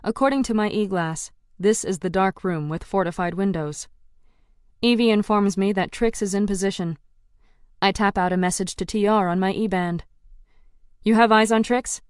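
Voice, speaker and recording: A woman's voice: mid-range voice, moderate pace, a little mellow, smooth, no room sound. Woman, audiobook narrator, first-person story, tense dramatic reading, dry close sound.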